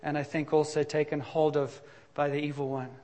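A middle-aged pastor preaches a little fast in a slightly high, level, somewhat mellow voice. His sermon is candid, confessional and conversational, punctuated by sudden emphatic bursts.

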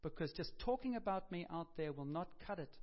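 A man's voice: on the high side, animated, brisk. A man preaching a sermon, telling stories conversationally with asides, self-corrections and dry humor. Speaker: pastor. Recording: dull lo-fi sound.

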